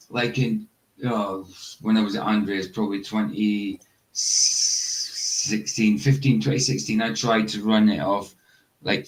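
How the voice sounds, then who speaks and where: A man's voice: on the low side, darkish tone, low-quality recording. A man with a Coventry accent, hosting a casual livestream chat and telling rambling stories. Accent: Coventry English. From England. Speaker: host.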